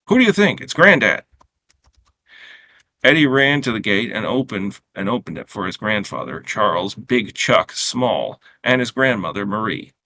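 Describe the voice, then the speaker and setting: A man reading his own short story aloud in a steady, unhurried way, with small slips and restarts. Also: fairly low pitch, dry recording.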